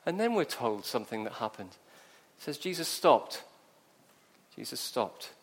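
A man's voice: medium pitch, sing-song, unhurried. A man preaching a sermon, telling a story with drama and acting out the scenes.

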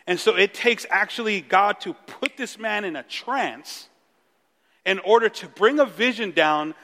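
A man preaching a sermon as pastor, animated, acting out the dialogue of the story. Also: high-pitched, long reverb tail. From Mexico.

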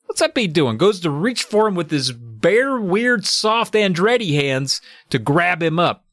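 A man co-hosts a casual podcast, narrating a book's plot in a loose, profane way with buzzing sound effects. His voice sits a bit high and swings lively in pitch. The sound is dry and close. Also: unhurried, dry recording. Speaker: podcast co-host. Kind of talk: casual chat recapping a book.

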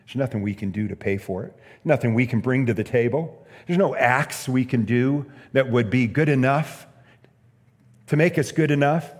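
A man's voice: medium pitch, normal speed. Earnest male preacher in a reverberant hall. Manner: earnest storytelling preacher, emphatic repeated phrases. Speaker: pastor. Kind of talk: sermon.

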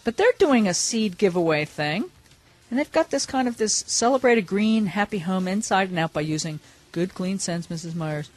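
A woman's voice: medium pitch, animated, normal speed, a little mellow. A woman hosting a radio show, chatting casually and laughing easily while reading out product details.

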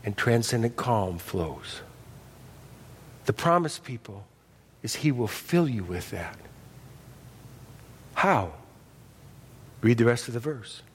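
A man preaching a sermon as pastor, folksy and animated, dropping from loud emphasis to hushed intensity. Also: medium pitch, takes it slowly, long pauses, big-room sound, slight background noise. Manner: folksy, humorous asides.

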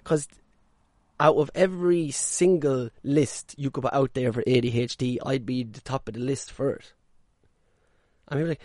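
A man talks straight into the mic, blunt and unfiltered, dropping curses as he goes. His voice sits at a middle pitch. The sound is close and dry, with no room echo. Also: moderate pace, dark tone. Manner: blunt, swears freely, mimics people in mocking voices. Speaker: podcast host. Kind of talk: casual monologue podcast. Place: caravan.

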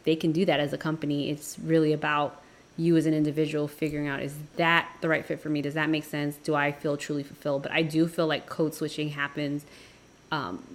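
A woman's voice: low-pitched, little pitch movement, brisk. A woman co-hosting a podcast, chatting casually and weighing her words as she argues a point. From New York. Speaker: podcast co-host. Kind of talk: casual debate chat.

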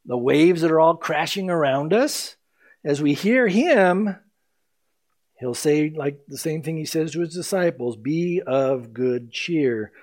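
High-voiced animated male preacher. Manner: animated, acting out scripture and voices. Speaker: pastor. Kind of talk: sermon.

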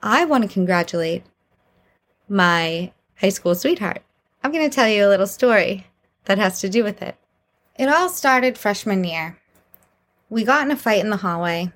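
A woman's voice: mid-range voice, expressive, moderate pace, long pauses, fairly bright tone. A young woman hosts her own podcast and tells embarrassing dating stories in a casual monologue. She talks candidly and with a lot of animation, and laughs often as she goes. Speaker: podcast host.

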